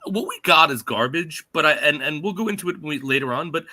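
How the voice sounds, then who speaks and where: A man's voice: fairly high pitch, lively intonation, quick pace, pushed and bright. A man hosting a casual podcast, leading the discussion and passing questions to his co-hosts with enthusiasm. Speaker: podcast host. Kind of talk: casual chat.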